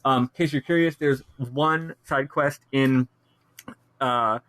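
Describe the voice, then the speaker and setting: A man co-hosting a casual game podcast, lively and swearing freely as he talks through his notes. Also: medium pitch, slow, no echo. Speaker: podcast co-host. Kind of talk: casual chat.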